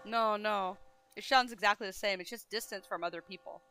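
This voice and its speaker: Woman roleplayer, bright crisp voice, patient, explains stuff, easy laugh. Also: medium pitch, brisk. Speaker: fellow roleplayer. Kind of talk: casual in-character roleplay chat.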